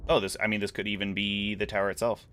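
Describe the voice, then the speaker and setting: A man's voice: on the low side, level tone, quick pace, background noise. A man giving casual, rambling gameplay commentary, musing aloud as he plays. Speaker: gaming streamer.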